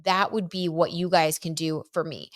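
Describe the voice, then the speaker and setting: A woman's voice: deep voice, level tone, moderate pace, no room sound, studio quality, close to an everyday voice. A woman voicing an earnest, overwhelmed young singer. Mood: pleading. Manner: earnest and apologetic.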